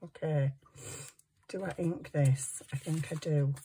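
Brief: woman crafter, chatty, self-talk, low and slow delivery. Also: steady tone, mellow, a little hiss or hum. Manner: chatty, talks to herself while working. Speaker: crafting vlogger. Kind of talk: casual crafting chat.

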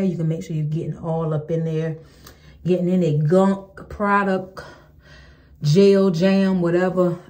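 A woman's voice: lowish voice, warm tone, reverberant. A woman in her thirties chatting casually through a hair-care routine, calling her viewers y'all with plenty of ums. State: out of breath. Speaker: vlogger. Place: home, indoors.

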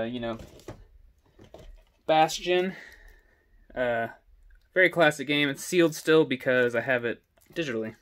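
A man's voice: mid-range voice, a bit bright. A young man talks through his game collection at home, filmed on a selfie stick held at arm's length. He rambles in a loose, casual way, dropping plenty of ums and uhs as he goes. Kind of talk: casual walkthrough vlog. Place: indoor home with stairs. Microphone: selfie stick camera.

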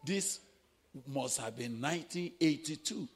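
A man with a Nigerian accent preaching a sermon, telling stories and acting out quoted voices, his delivery swinging from hushed to shouting. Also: a little high, expressive, unhurried, husky, in a large hall. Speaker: pastor. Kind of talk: sermon with storytelling.

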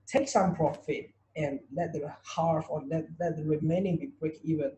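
A man teaches an online trading class, repeating points and firing rhetorical questions at his students. His voice sits high for a man, with a soft, mellow tone. The sound is roomy, with a clear echo. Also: steady tone, moderate pace, slight background noise. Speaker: trading tutor. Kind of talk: online webinar lesson.

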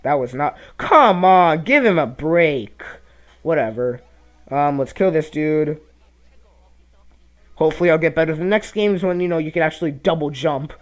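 A young man giving casual gameplay commentary, reacting loudly to the game and muttering asides. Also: fairly high pitch, lively intonation, moderate pace. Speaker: let's play commentator.

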